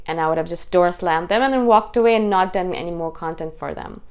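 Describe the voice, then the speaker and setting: Woman vlogger, rapid passionate delivery, smooth clear voice, casual monologue. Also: on the low side. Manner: fast, intense, animated delivery. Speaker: YouTube host. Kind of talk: casual talking-head monologue.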